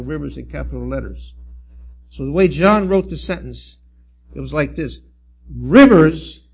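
Middle-aged guy preaching, gravelly and a bit husky, kinda high voice, earnest, stops and restarts a lot. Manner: earnest, halting, with restarts and emphatic swells. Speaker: church elder preaching. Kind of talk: sermon.

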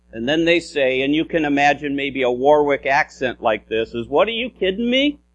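A man preaching a sermon with a somewhat high voice. He explains step by step, often restarts his phrases and keeps tucking in "if you will". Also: fairly bright tone.

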